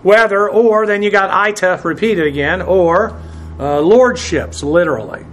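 A man teaching a Bible passage word by word from the Greek, spelling terms letter by letter and filling pauses with "uh". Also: high-pitched, fairly bright tone, a little hiss or hum. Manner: spells out Greek words letter by letter, many "uh" fillers; presses emphatic points with rising force.

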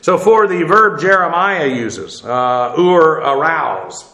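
A man's voice: on the high side, pushed and bright. Emphatic man teaching Bible, echoey room. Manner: halting, many filler "uh"s, spells out Hebrew words; emphatic, preacherly warnings.

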